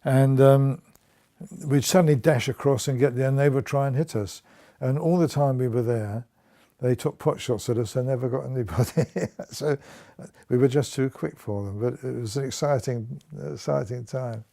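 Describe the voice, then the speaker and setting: A man's voice: medium pitch, moderate pace, vocal fry, mellow. An older man, a war veteran, recounting his service in an oral history interview, laughing at times and restarting his sentences. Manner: storytelling with chuckles and restarts.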